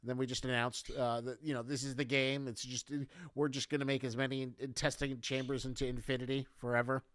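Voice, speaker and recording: A man's voice: mid-range voice, flat delivery, fairly bright tone, no room sound. Guy rambling on a stream, lots of uhs and likes, dry close sound. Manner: chatty, halting, many fillers and restarts. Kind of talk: casual chat on a stream.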